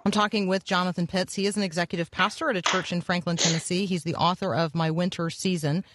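A man's voice: sits high, steady tone, fast talker, noisy background. A man hosting a radio interview, asking long questions with frequent ums. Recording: dry close mic.

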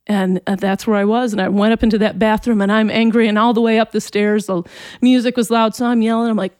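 A woman's voice: fairly high pitch, flat delivery, a little mellow, no room sound. Woman giving a heartfelt faith testimony. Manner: earnest, emotional, halting retelling. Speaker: interview guest.

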